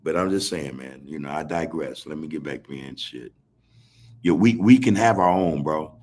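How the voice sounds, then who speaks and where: A man's voice: a bass voice, normal speed, darkish tone. A man hosting a podcast on a video call, talking in a preachy, rambling, drawling way. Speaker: podcast host. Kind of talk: casual commentary.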